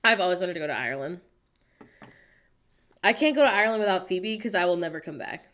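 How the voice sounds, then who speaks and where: An American woman hosting a casual livestream, chatting playfully and reading viewers' messages aloud with animated, self-mocking humor. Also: on the low side, quick pace. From United States. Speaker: livestream host reading chat. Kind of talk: casual chat.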